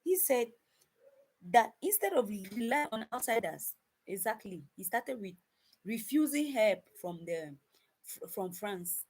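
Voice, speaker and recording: A woman's voice: a little high, very animated, measured pace, darkish tone, breathy edge. A woman giving casual commentary to viewers, emphatic, repeating her points and often restarting sentences. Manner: emphatic, repeats phrases, addresses viewers as guys; frequent restarts and stumbles.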